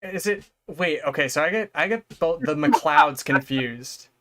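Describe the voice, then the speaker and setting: A man chatting casually as a podcast guest, easygoing and quick with jokes. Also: on the high side, fairly bright tone. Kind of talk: casual chat.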